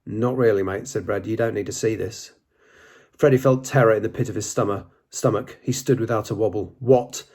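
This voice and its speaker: A man's voice: on the low side, steady tone, brisk, darkish tone. A man narrating an audiobook, reading plainly and lightly voicing the dialogue.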